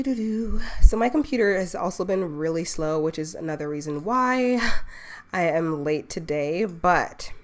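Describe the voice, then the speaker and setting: A young woman from the Bahamas, an online business owner, hosting a casual live stream and talking her viewers through her plans. She chats easily, keeps checking in with "okay?" and laughs at herself. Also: medium pitch.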